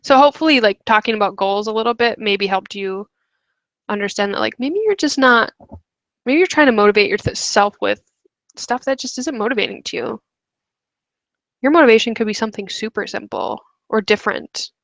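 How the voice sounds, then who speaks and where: A woman's voice: fairly high pitch, fairly quick, a bit bright, dry recording, poor audio. A young woman hosting a webinar, talking casually to viewers and filling her speech with "like" and "um". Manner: chatty, many fillers like "like". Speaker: webinar host. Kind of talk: casual coaching talk.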